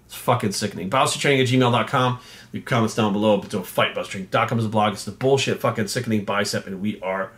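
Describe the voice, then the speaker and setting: A man's voice: on the low side, fast talker, a bit bright. A man delivering an angry, profane rant as a fitness coach vlogger. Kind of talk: ranting monologue.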